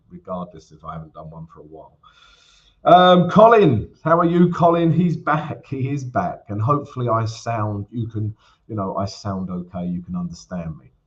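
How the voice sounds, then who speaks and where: A man hosts a casual trading livestream, talking in an easy, chatty way and greeting his viewers by name. His voice sits at a middling pitch. The recording sounds a little dull and lo-fi. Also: a bit bright. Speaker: forex trading livestream host. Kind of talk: casual livestream chat and chart walkthrough.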